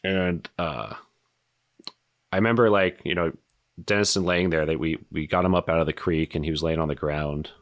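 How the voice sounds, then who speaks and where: A man in his thirties, a retired soldier and podcast guest, telling a story in a casual, halting way with lots of fillers and swearing. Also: rumbling low, no room sound, clean studio sound.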